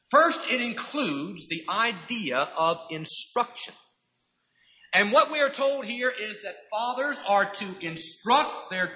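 Animated, bright-voiced male preacher. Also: high-pitched, poor audio. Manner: emphatic, repeats key phrases for emphasis; acts out quoted voices with sudden loud outbursts. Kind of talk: sermon.

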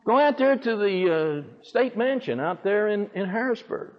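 A preacher voicing God as sarcastic and scornful, mocking worshippers who bring him poor gifts, in a dull, echoey church recording. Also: male voice, lively intonation. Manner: mocking, high-pitched and rushed.

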